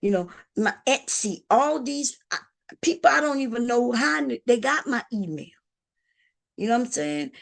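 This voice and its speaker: A woman's voice: fairly high pitch, expressive, normal speed, gravelly. A woman hosting a casual livestream, chatting to her viewers in a talkative, repetitive way. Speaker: livestream host.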